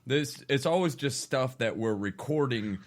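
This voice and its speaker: A man's voice: mid-range voice, animated, unhurried. A man co-hosting a casual podcast, teasing his partner and swearing freely. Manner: teasing, laughing, crude. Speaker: podcast co-host. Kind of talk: casual chat.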